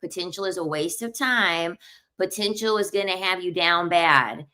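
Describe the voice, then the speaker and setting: Blunt, forceful woman in her thirties. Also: fairly low pitch, moderate pace. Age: 30s. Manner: blunt, emphatic, repeats points. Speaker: online commentator. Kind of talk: casual opinion commentary.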